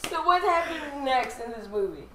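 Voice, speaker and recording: A woman's voice: sits high, lively intonation, normal speed, far from the mic. A woman chatting casually, teasing and quizzing her co-host as he tells the story, laughing along. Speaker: podcast co-host. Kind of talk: casual chat. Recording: roomy with crowd chatter.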